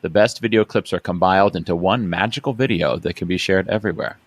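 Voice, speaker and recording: Man, podcast host, deep voice, relaxed, casual, dry recording. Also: quick pace, no room sound. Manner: relaxed, reads website text aloud.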